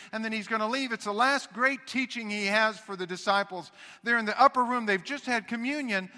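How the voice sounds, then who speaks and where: A man preaching a sermon as pastor, folksy and animated, full of rhetorical questions and restarts. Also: very high-pitched, long reverb tail.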